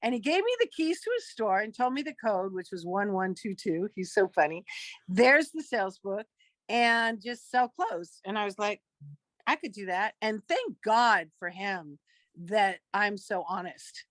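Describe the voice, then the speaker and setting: Dry, lively woman telling a story. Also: medium pitch, normal speed, no echo. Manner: lively storyteller who acts out quoted dialogue. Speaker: guest actress. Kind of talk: casual interview storytelling.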